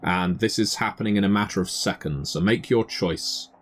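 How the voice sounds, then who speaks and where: A man narrating a tabletop game as game master, describing scenes in a measured way with occasional fillers. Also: fairly low pitch, a little hiss or hum.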